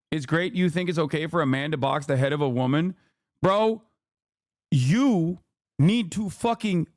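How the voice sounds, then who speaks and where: Profane ranting man with high voice. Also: dry recording, clean studio sound. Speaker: streamer. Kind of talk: livestream reaction rant.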